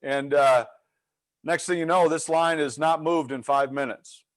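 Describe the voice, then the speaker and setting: Speaking a little slowly in a fairly high-pitched voice, a middle-aged leadership coach tells a story during a webinar. He is an animated storyteller who acts out the voices in it.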